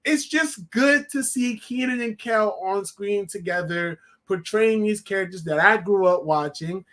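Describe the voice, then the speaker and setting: A man's voice: sits high, unhurried, fairly bright tone. A man giving a casual, rambling spoken film review, with lots of fillers and restarts.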